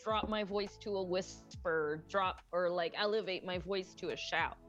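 A woman's voice: on the low side, steady tone, measured pace, highs cut off, soft background music. A woman co-hosting a podcast in casual chat. She rambles, uses lots of fillers and swears freely. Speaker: podcast co-host.

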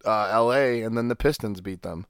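A man's voice: lowish voice, a little fast, no room sound, clean studio sound. A man co-hosting a podcast, chatting casually about sports in a rambling, profane, laid-back way. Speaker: podcast co-host.

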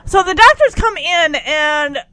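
Animated woman recapping a show. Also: extremely high pitch, unhurried, a little hiss or hum. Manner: animated, acting out lines as she retells. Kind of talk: casual episode recap.

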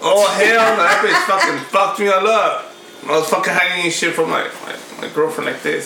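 A man's voice: high voice, fairly even intonation, normal speed, vocal fry, bright, forceful tone. A man joking crudely in a casual chat, slipping in Spanish phrases and acting out quotes. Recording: echoey room with background noise.

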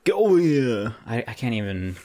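A young man co-hosts a podcast, chatting casually in a warm, mid-range voice with big pitch swings. He takes his time, rambling with plenty of restarts and fillers.

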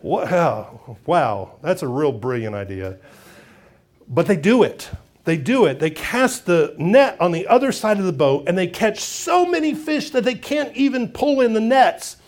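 A man's voice: high voice, moderate pace. A man preaching a sermon as pastor, retelling a story expressively and acting out its voices. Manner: expressive storytelling, acts out quotes.

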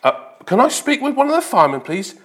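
A man's voice: very high-pitched, big pitch swings, quick pace, a bit bright, voice pushed up, heavily acted. A man voicing a salesman on the phone who keeps asking questions. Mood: questioning. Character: chatty adult male phone salesman.

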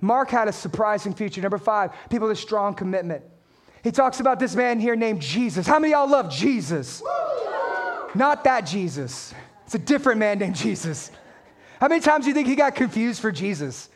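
A man's voice: high-pitched, big pitch swings, normal speed. A man preaching a sermon as a pastor, talking straight to his congregation with emphatic points and playful jokes.

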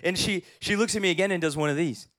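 A man in his thirties preaching a sermon as pastor, telling humorous stories in an animated way. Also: sits high, fast, no room sound, studio quality.

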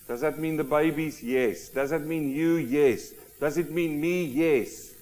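A man preaching a sermon, emphatic and animated, often asking rhetorical questions of the congregation. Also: fairly high pitch, measured pace, hardly any pauses. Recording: long hall reverb.

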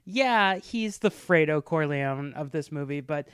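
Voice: medium pitch, expressive, a little slow, clear, resonant tone, no echo, clean studio sound. A podcast co-host chatting casually about a movie, blunt and joking, with some swearing. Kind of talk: casual film review chat.

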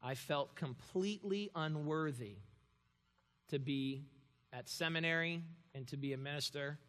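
A young man preaching a sermon, moving from quiet storytelling to loud, forceful preaching. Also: a little high, measured pace. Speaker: pastor. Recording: long reverb of a large hall.

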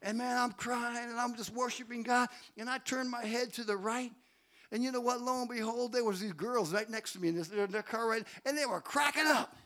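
Brief: middle-aged male pastor, high voice, dynamic call-and-response preaching. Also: steady tone, brisk. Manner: preaching with call-and-response, swelling to shouts then dropping low. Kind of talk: sermon. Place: church sanctuary.

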